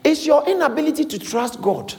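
A man preaching a sermon in a large hall, with lively repetitions and call-and-response to the congregation. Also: extremely high pitch, a little fast. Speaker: pastor. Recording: echoey hall.

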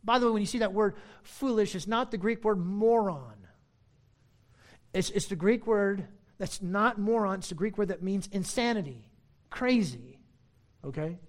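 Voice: mid-range voice, normal speed. A preacher giving a sermon, teaching in an emphatic, conversational way with frequent asides and a sarcastic edge.

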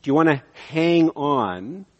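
A man from Canada preaching a sermon, animated, with emphatic rises and frequent restarts. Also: on the high side, a little slow, dull audio. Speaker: pastor. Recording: reverberant hall from a distance.

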